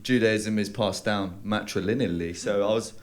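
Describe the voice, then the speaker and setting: On a comedy club stage before a live audience, a young London man with a London accent delivers a stand-up set in a lowish voice at a moderate pace. His storytelling is deadpan, dotted with hesitant fillers and sudden put-on voices, while loud audience laughter fills the room.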